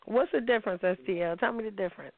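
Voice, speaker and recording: A woman's voice: mid-range voice, fast talker, no echo. A woman hosting a casual call-in show, blunt and profane. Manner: blunt, profane, animated storytelling. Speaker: podcast host. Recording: tinny phone-line sound.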